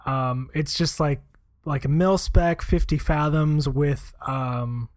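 A man's voice: fairly high pitch, fairly even intonation, takes it slowly, no echo. A man co-hosting a podcast in casual chat. He speaks in an easygoing, hesitant way with many fillers. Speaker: podcast co-host.

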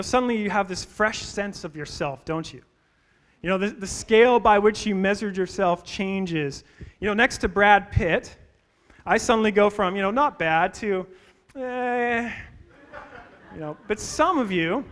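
A pastor with a high voice delivers a sermon in a church. He moves between scripture and funny stories about himself, often turning to his listeners with questions. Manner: storytelling with humor and direct questions to the congregation.

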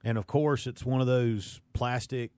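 A man co-hosting a radio show in a studio, telling a story with animated energy. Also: medium pitch, unhurried, dry recording. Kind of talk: casual studio chat.

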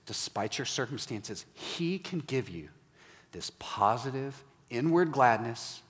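Animated preacher man in reverberant hall. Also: medium pitch, husky. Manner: animated storytelling, acts out dialogue, softens to quiet prayer prompts. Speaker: pastor. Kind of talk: sermon with retold story.

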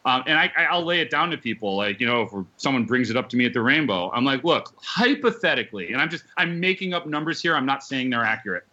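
A man's voice: mid-range voice, expressive, fast talker, few pauses, bright, forceful tone, muffled recording. A man guesting on a podcast, a former magazine editor and band manager, telling stories bluntly and emphatically with many restarts. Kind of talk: casual storytelling chat.

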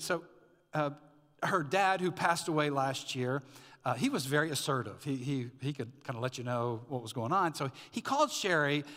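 A man's voice: on the high side, fairly bright tone, big-room sound. A middle-aged man preaching a sermon as a pastor, conversational and storytelling with asides. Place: church sanctuary.

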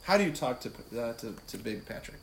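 A man giving an informal Catholic talk, animated and conversational, often laughing and asking "right?". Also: mid-range voice, fast talker, a little hiss or hum. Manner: laughs easily while talking. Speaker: Catholic speaker. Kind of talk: casual faith talk.

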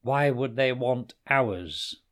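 A man's voice: medium pitch, takes it slowly, lightly acted. A man voicing a fierce, bloodthirsty male leopard who growls and snarls. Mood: angry.

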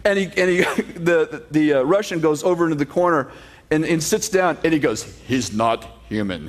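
A man preaching a sermon, telling a story with sarcastic humor, then reading scripture slowly. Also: a little high. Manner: reads scripture slowly and steadily. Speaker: pastor.

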